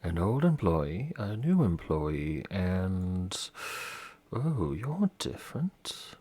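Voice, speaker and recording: A man voicing a mysterious elderly female creature shopkeeper who speaks softly and haltingly. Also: low voice, sing-song, slightly rough, exaggerated voice. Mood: sly.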